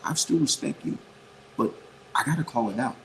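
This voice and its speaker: A man's voice: mid-range voice, moderate pace, fairly bright tone, a little hiss or hum, low-quality recording. A man giving casual boxing opinions in a blunt, profane, rambling way, repeating his points for emphasis. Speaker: boxing commentator.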